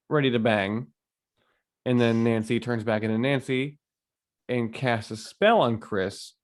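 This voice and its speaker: Guy on a podcast going through a movie plot, lots of ums, loose and chatty. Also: mid-range voice. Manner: rambling, drawn-out retelling with many fillers. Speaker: podcast co-host. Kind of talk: casual movie recap chat.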